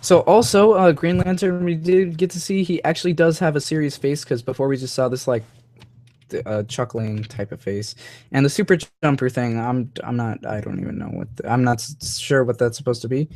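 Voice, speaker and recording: A man's voice: mid-range voice, lively intonation, brisk, darkish tone, no echo. Rambling young male live-stream host. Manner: rambling, many fillers and restarts. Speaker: host of a live toy-review show. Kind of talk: casual live-stream chat.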